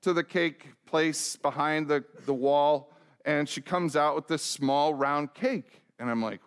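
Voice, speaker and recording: A middle-aged man delivers a sermon in a somewhat high voice. He mixes a self-mocking personal story with direct questions to his listeners and acts out the dialogue as he goes. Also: slow, clean tone. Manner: asks the congregation direct questions. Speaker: pastor.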